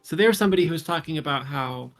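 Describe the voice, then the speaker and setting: A man's voice: a little high, lively intonation, rapid-fire, fairly bright tone, soft background music. A man commentating casually on a tournament stream, thinking aloud through numbers and puzzle solutions.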